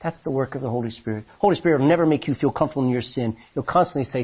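A man preaching a sermon as pastor, telling stories in an animated way with many restarts, his voice a little husky. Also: mid-range voice, racing, few pauses, muffled recording.

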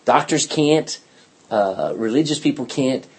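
At a measured pace, a man with an expressive, slightly rough mid-range voice leads a Bible study. He reads scripture aloud and explains it emphatically, repeating key words and asking his class questions.

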